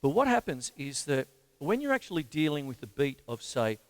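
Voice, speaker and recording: This Australian man hosts a relaxed drum lesson, his voice sitting on the high side with a brisk, sing-song lilt. He chats using fillers and counts the beats aloud in rhythm as a drum kit plays behind him, with slight background noise in the recording.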